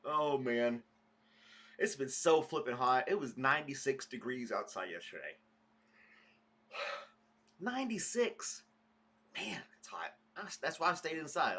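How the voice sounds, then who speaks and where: A man's voice: mid-range voice, pushed and bright. A man hosting a casual morning livestream podcast, rambling chattily and greeting viewers by name. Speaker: podcast host.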